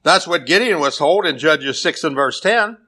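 An American man preaching a sermon. His questions rise to a plea, and he drops low and soft when he reads scripture. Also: expressive, moderate pace, slightly rough. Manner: emphatic, rising to pleading questions, dropping low and soft on scripture.

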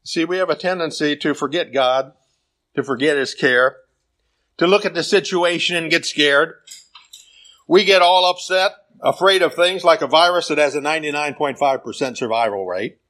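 An American man preaching a sermon. His questions rise to a plea, and he drops low and soft when he reads scripture. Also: normal speed. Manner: emphatic, rising to pleading questions, dropping low and soft on scripture.

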